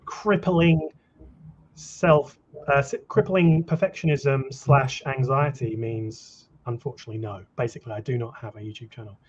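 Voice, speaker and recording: A man's voice: medium pitch, fairly even intonation, normal speed, breathy edge. A man chatting casually on a livestream video call, hesitant and full of ums and restarts. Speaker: livestream guest. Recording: dull lo-fi call audio.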